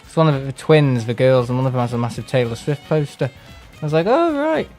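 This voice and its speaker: A man's voice: mid-range voice, steady tone, quick pace, a little mellow, soft background music. A man chatting casually on a live game stream, rambling and sarcastic and mimicking other people in put-on voices. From England. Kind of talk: casual live-stream chat while playing.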